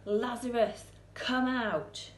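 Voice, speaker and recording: Storybook figure: calm reassuring male teacher, voiced by a woman, low-pitched, slight background hiss. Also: moderate pace, echoey room, natural voice. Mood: commanding.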